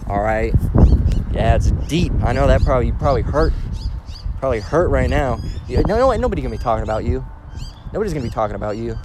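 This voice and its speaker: Male preacher-teacher, mid-pitched, punchy and profane, keeps asking "all right?", over clear street and traffic noise. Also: animated, quick pace. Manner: emphatic, repeats "all right?", blunt and profane. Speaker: religious teacher. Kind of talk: informal scripture lesson.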